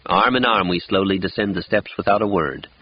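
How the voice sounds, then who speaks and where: A man's voice: deep voice, a little fast, slightly rough. A man narrating an audiobook in a wistful, lyrical first-person telling. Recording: dull lo-fi audiobook recording.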